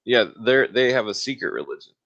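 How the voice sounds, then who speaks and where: A man's voice: mid-range voice, sing-song, fairly quick, gravelly, fairly bright tone, muffled recording. A man chatting as a podcast guest, rambling and restarting his sentences often. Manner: rambling, restarts often, talks over others. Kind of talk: casual podcast chat.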